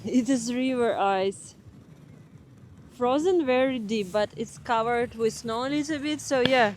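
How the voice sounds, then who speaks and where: A woman's voice: on the high side, unhurried, noisy background. A young Russian woman vlogging outdoors in winter with a Russian accent, chatting casually, exclaiming in wonder and hunting for English words. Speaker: travel vlogger. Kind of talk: casual travel vlog narration. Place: outdoors in a snowy city, in winter. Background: background music.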